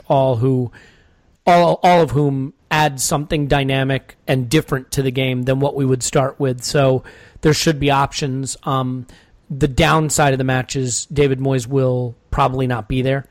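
A man's voice: medium pitch, no room sound. A man hosting a casual football podcast, chatty and joking as he moderates the discussion. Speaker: podcast host. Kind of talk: casual chat.

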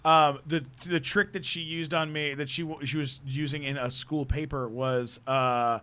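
Bright-voiced man telling stories. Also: fairly high pitch, normal speed, hardly any pauses. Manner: animated, stop-start storytelling with many fillers. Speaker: guest comedian. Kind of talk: casual podcast storytelling.

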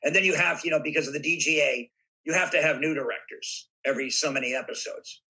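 An older man from Southern California tells stories as a podcast guest, lively and given to acting out bits of dialogue. His voice is very bright and forward, with a husky edge. He sits a little above the usual male pitch. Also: fast, low-quality recording. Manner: animated anecdotes with acted-out voices. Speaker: guest actor. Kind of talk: podcast interview storytelling.

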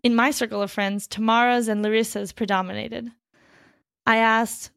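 A woman reading a translated story aloud at a steady pace, breaking off now and then to chat casually. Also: fairly high pitch, moderate pace, creaky, no room sound, studio quality. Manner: reads steadily, then chats loosely with fillers and laughs. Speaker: reader of a story.

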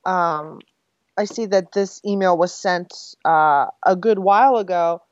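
A woman's voice: fairly low pitch, unhurried, no room sound. A woman co-hosting a podcast in casual chat, chatty and a bit scattered, reading listener mail aloud. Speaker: podcast co-host. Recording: slightly dull, dry podcast audio.

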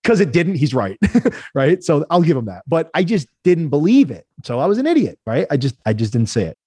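A man, a guest entrepreneur telling animated stories in a casual interview, acting out the voices of the people he quotes. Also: a little high, brisk, slightly rough, no echo, clean studio sound. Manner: animated storyteller, acts out quoted voices, frequent "right?".

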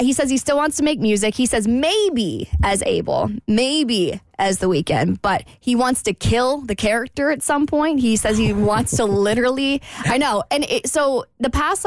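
A woman's voice: fairly high pitch, no echo. A woman hosting an entertainment news segment on a radio show, telling celebrity stories in a chatty, giggly way.

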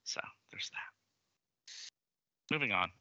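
A man co-hosting a podcast in casual chat, tossing off quick joking asides. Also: whispered. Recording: dry, dull lo-fi sound.

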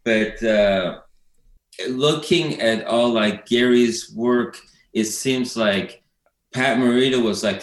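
A man in an interview, telling stories in a loose, rambling way. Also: low voice. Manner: rambling, storytelling, laughs while recounting. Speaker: documentary director, guest. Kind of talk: casual interview talk. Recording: echoey room.

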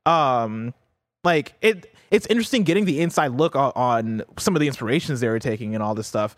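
A man's voice: mid-range voice, expressive, a little fast, dry recording. A man co-hosting a gaming show, giving opinions in a rambling, casual way full of fillers. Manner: rambling, many fillers like "like" and "you know". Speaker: co-host. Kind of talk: casual chat.

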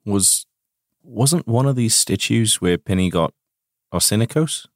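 A man's voice: on the low side, expressive, measured pace, dry recording. A man playing in a tabletop game with a dry, wry manner. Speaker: player. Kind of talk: tabletop role-play.

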